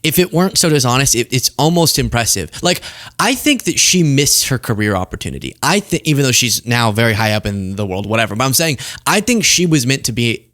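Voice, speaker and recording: A man's voice: medium pitch, expressive, fairly quick, a bit bright. A young man hosting a political commentary show, talking in a sarcastic, conversational way. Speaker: host.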